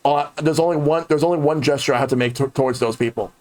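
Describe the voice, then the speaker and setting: A man's voice: fairly high pitch, quick pace, a little mellow. A man on a gaming podcast, talking casually and bluntly, swearing freely. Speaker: podcast panelist. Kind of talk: casual chat.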